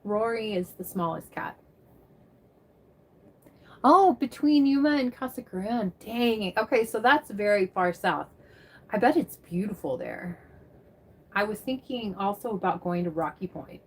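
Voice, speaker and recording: A woman's voice: medium pitch, measured pace, pauses often, slight background noise. A woman livestreamer chatting casually and rambling as she answers viewers by name. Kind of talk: casual chat reading live comments.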